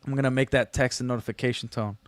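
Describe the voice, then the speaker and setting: A man's voice: medium pitch, steady tone, fast talker, clear, resonant tone, no echo. Slangy, joking man on a livestream. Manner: reads chat messages aloud and answers them, joking and teasing; slangy, loose delivery with many fillers. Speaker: livestream host. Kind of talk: casual livestream chat.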